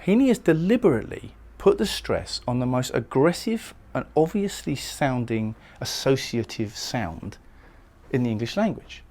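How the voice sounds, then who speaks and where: A man lecturing on a poem, explaining it thoughtfully and sometimes pausing to restart a phrase. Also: mid-range voice, big pitch swings, darkish tone. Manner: reads verse lines slowly and solemnly. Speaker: poetry lecturer. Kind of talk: recorded lecture analysing a poem.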